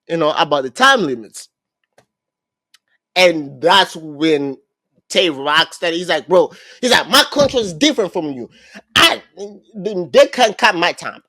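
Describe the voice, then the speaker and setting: Podcast host, male, animated storyteller who mimics others' lines, close dry mic. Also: dry recording. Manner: acts out quoted people with sudden jumps in pitch, many "you know" fillers. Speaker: podcast host recapping a battle rap event. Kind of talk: casual storytelling recap.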